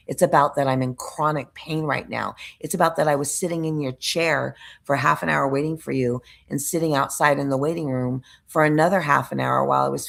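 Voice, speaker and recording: A woman's voice: low-pitched, gravelly. A woman vlogger telling a story in a casual, rambling way, frustrated, restarting sentences and searching for words. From United States.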